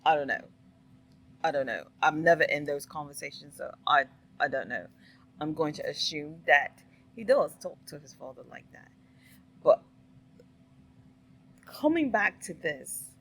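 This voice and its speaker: A woman's voice: sits low, expressive, measured pace, long pauses, poor audio. A middle-aged woman giving casual, opinionated reaction commentary, laughing and asking rhetorical questions. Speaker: commentary vlogger.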